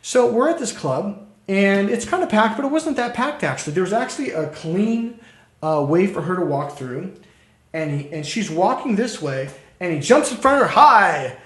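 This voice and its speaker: A man giving dating coaching in an animated storytelling way, acting out what people said. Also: high voice, moderate pace, echoey room. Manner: animated storyteller who acts out quotes. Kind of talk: coaching talk to camera.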